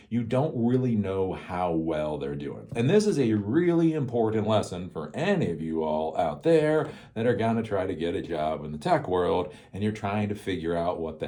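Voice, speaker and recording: A man's voice: on the low side, dark tone. A man hosting a casual rant, rambling, swearing freely and often laughing. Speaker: host.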